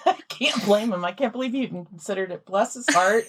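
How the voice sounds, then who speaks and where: A woman's voice: mid-range voice, lively intonation, fairly quick. A woman co-hosting a podcast in casual chat, reacting with gasps and laughter. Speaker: podcast co-host.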